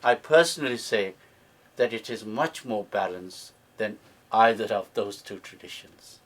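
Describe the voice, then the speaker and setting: A man's voice: fairly low pitch, a bit bright. Man quizzing a live audience. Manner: engaging, quizzes the audience, keeps checking with "yeah?". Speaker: speaker at a book launch. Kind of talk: interactive teaching talk to a live audience. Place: event room with a live audience.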